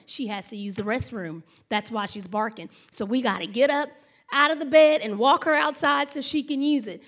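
A woman pastor, preaching in a chatty, story-driven way. Her voice sits high and she talks to the congregation warmly as y'all and honey. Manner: chatty, animated storytelling with laughs and acted-out noises. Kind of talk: sermon.

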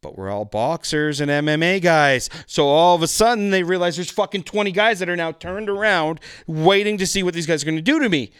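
A man telling stories as a podcast guest, animated and profane, acting out the people in his stories. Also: fairly high pitch, fairly quick, few pauses, clear, resonant tone, no echo, clean studio sound. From Canada. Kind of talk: casual storytelling.

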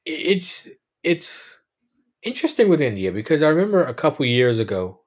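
A man hosting a podcast, asking questions in casual interview chat in a hesitant, halting way. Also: a little high, big pitch swings, slightly rough. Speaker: podcast host.

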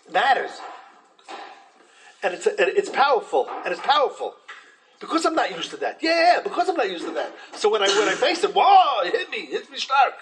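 A man teaching a Torah class in an animated way, restarting often and acting out quotes. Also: sits high, fairly quick, a little hiss or hum, low-quality recording.

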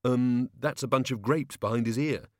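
A man's voice: medium pitch, normal speed, a little mellow, no echo, clean studio sound, natural voice. A man voicing a queasy, flustered male god of hangovers who gabbles and splutters.

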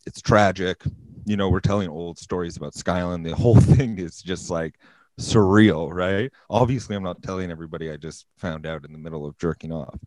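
Young man, very low voice, dry close mic, swearing his way through a serious personal tale. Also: no room sound, rough recording. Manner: profane, deadpan-serious storytelling. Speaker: podcast guest. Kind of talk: casual storytelling.

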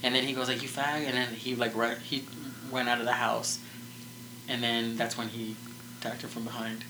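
Bright-voiced man, rambling true-crime chat. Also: mid-range voice, completely flat delivery, moderate pace, slight background noise, poor audio. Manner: rambling, full of "like" and restarts. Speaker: podcast co-host.

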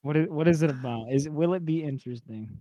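A young man chatting casually with a friend, animated and slangy, throwing in jokes. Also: on the high side, quick pace, highs cut off. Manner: animated, joking interjections, slangy. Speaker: podcast co-host. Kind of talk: casual chat.

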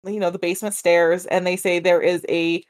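A woman's voice: fairly low pitch, level tone, brisk. Chatty woman telling a spooky case. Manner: laughs often, loose and chatty. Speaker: podcast co-host telling a paranormal case. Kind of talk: casual storytelling chat.

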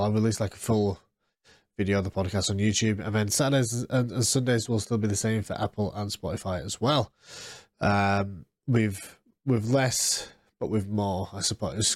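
A man's voice: fairly low pitch, dry recording, studio quality. Stuffy-nosed man hosting a podcast. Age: 30s. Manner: rambling, with frequent restarts and fillers. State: nasally congested. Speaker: podcast host. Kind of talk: casual solo podcast chat.

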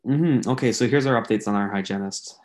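A man co-hosting a casual podcast, joking and teasing, sometimes dropping into a hushed mock-sensual voice. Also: fairly low pitch, fairly quick. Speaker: podcast co-host.

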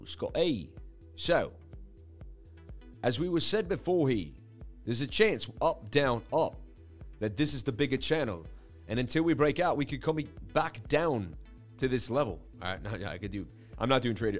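A man hosting a casual market-analysis livestream, rambling in a conversational, self-assured teaching way. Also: mid-range voice. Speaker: host.

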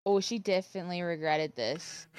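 A woman's voice: on the low side, a little mellow, clear, resonant tone, dry recording. A woman co-hosting a podcast, chatting casually and chiming in to correct details. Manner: chatty, quick to correct and chime in. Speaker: podcast co-host. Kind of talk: casual chat.

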